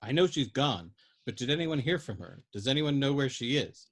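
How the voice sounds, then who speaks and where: A man's voice: mid-range voice, very animated, normal speed. A furious young soldier, voiced by a man reading aloud, who keeps pressing and demanding. His questions come out insistent and bitter in a storybook reading.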